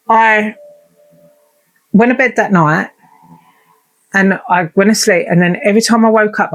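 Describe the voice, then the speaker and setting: Candid woman telling her story. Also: fairly low pitch. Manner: candid and unfiltered, swears, acts out remembered conversations. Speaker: vlogger. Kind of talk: personal storytelling monologue.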